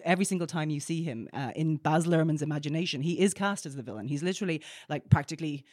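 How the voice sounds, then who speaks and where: A woman's voice: low-pitched, fast talker, darkish tone, no room sound, studio quality. Emphatic Irish-born woman critic, blunt. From Ireland. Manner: emphatic, blunt, many restarts. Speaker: film critic. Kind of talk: podcast discussion.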